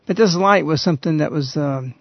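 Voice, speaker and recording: A man hosting a radio talk show, earnestly retelling a story in a halting, conversational way. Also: on the high side, dry recording. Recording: dull, lo-fi radio recording.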